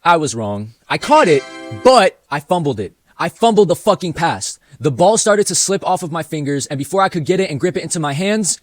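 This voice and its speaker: Lively, laid-back young man telling a story. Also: a little high, fairly quick, no echo, soft background music. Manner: laid-back, self-mocking, profane. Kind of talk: casual storytime narration.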